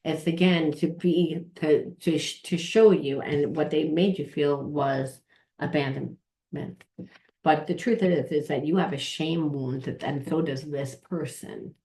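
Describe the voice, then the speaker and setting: A woman's voice: sits low, steady tone, a little slow, mellow. A woman giving a casual tarot reading, rambling, repeating herself and swearing offhandedly. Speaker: tarot reader and trauma coach.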